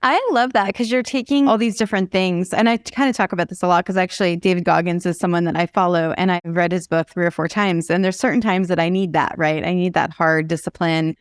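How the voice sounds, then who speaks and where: A woman's voice: on the low side, fairly even intonation, fast talker, hardly any pauses, clear, resonant tone, no echo, studio quality. A woman hosting a podcast interview, encouraging and conversational. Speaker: podcast host. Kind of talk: interview talk.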